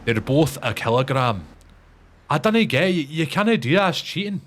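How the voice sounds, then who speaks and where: A man's voice: a little high, sing-song, moderate pace, pitched above the performer's own voice. A man doing a brash, sweary stereotypical Scotsman. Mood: mock-indignant. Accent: put-on Scottish. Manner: loud, exasperated, sweary.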